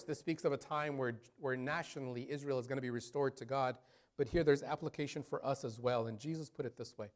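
A man preaching a sermon in a mid-range voice. He stretches out key phrases and scripture lines for emphasis. His loudness swings widely, from near-quiet drops to strong, rising build-ups. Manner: voice rises and falls widely in loudness, dropping low then building up. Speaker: pastor.

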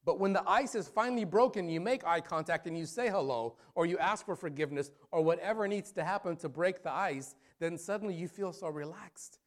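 A man preaching a sermon as pastor, rising into loud appeals and falling to hushed, prayerful tones. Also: high-pitched, brisk, few pauses.

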